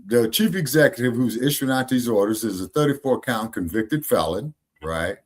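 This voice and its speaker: A man's voice: mid-range voice, animated, normal speed. A man hosting a casual podcast discussion, talking emphatically, repeating points and checking his listeners follow him. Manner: emphatic, preachy, repeats himself and asks "you see what I'm saying?". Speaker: podcast host.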